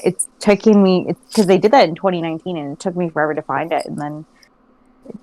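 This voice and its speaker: A woman co-hosting a casual movie podcast, relaxed and chatty. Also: on the low side, fast, dry recording, poor audio. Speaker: podcast co-host. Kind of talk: casual chat.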